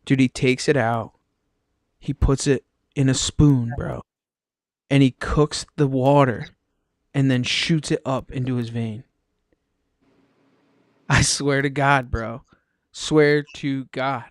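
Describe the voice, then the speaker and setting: A man hosting a podcast, telling lively, slangy stories in casual chat. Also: mid-range voice, slow pace, pauses often, no echo, clean studio sound. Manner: animated, slangy storyteller. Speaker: podcast host.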